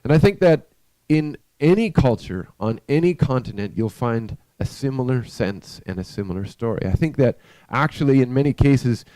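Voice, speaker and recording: A man hosting a live stream, telling a story with a spiritual message in an unhurried, conversational way and asking his listeners questions. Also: mid-range voice, lively intonation, warm tone, no room sound, poor audio.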